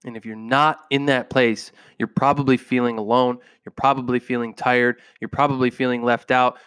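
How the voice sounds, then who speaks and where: A man's voice: medium pitch, fairly bright tone, smooth, no echo, clean studio sound. A man hosting a podcast, delivering an intense motivational monologue into a microphone, emphatic and repeating phrases for punch. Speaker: podcast host.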